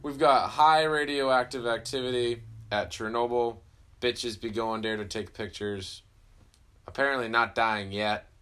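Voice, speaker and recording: A man's voice: medium pitch, fairly even intonation, unhurried, fairly bright tone, clear, resonant tone. A man co-hosting a podcast in casual banter, crude and laughing often. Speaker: podcast co-host.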